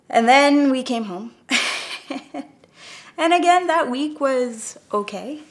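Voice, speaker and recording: Woman, medium pitch, quiet, candid documentary testimony with soft music under it. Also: slow pace, pauses often. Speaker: mother sharing her story.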